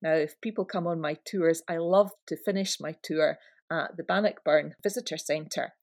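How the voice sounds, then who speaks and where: Chatty Scottish woman, lowish voice. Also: normal speed, darkish tone. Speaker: podcast co-host and tour guide. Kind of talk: casual podcast chat.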